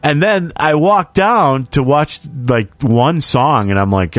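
A man telling a story in casual chat, animated and swearing freely, acting out what others said. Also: fairly high pitch, a little slow, dry recording. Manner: animated, acts out quoted voices, swears freely.

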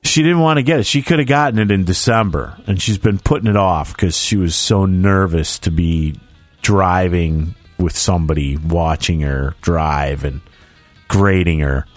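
A man in his forties with a low voice tells a story in relaxed, casual chat. He acts out the people in it as he goes. The sound is dry and close, with faint music underneath. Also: moderate pace, no room sound.

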